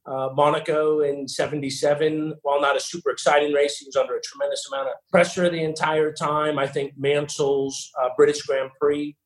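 A man, a team boss answering interview questions with many pauses and fillers. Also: on the high side, level tone, poor audio. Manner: hesitant, many fillers and restarts. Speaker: racing team boss, guest.

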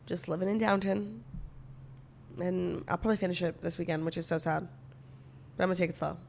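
A woman's voice: lowish voice, flat delivery, fairly quick, creaky, darkish tone, slight background noise. A young adult woman co-hosting a podcast in casual chat, making wry, dry quips. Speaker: podcast co-host.

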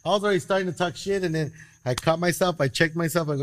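A man from East Los Angeles tells a story as a podcast guest. He talks fast, rambling and laid-back, with plenty of swearing. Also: on the high side, a little hiss or hum. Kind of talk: casual storytelling.

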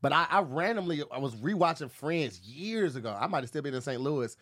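A man's voice: on the high side, animated, brisk. A man co-hosting a casual chat podcast, joking and swearing freely. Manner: profane, joking, bursts into loud put-on accents. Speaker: podcast co-host.

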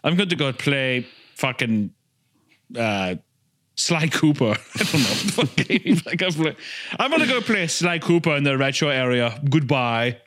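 Laid-back co-host, mid-pitched man, talks in loose, restarting rambles over a video call. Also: sing-song, a little slow, a bit bright. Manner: rambling, with frequent restarts and swearing. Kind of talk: casual comedy chat.

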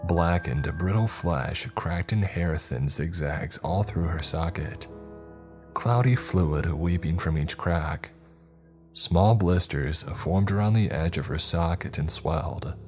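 A man narrating a first-person horror story in a calm storytelling voice with dry asides. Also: low voice, slow, faint music behind. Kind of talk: scripted narration.

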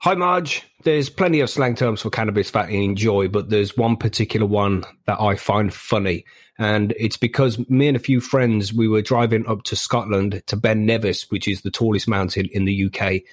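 Low-voiced man from the UK. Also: fairly even intonation, moderate pace, no echo. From United Kingdom. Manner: storytelling, casual. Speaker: listener caller. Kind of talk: recorded voicemail story.

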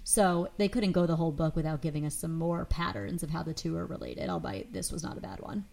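A woman co-hosting a casual book club podcast, animated and opinionated. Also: sits low, brisk, creaky. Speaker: podcast co-host.

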